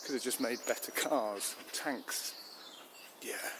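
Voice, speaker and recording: A man doing solo improvised comedy with mild, bemused, deadpan replies. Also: lowish voice, normal speed, background noise.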